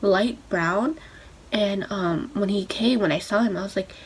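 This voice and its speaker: A young woman telling a rambling, excitable story while doing her makeup for a vlog. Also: medium pitch, a little slow, breathy edge. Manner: rambling, excitable, lots of fillers. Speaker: beauty vlogger.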